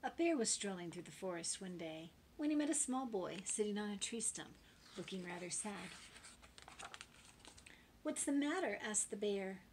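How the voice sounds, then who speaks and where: A female elementary school teacher reading a picture book aloud to children, expressive and building to loud suspense. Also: mid-range voice, normal speed, noisy background. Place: home.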